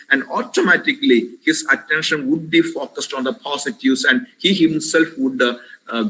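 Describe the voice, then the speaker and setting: A man's voice: on the high side, sharp tone, rough recording. A man with an Indian English accent giving an earnest, preacherly webinar lecture on parenting, often addressing listeners as "my dear friends" and repeating key words for emphasis. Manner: emphatic repetitions. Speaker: webinar speaker. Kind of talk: impassioned lecture. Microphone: webinar headset or computer mic.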